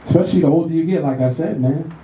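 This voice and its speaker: A man in his thirties doing a profane, animated stand-up set in a comedy club, acting out voices as he tells stories. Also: a little high, fast talker. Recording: roomy club sound from a distant mic.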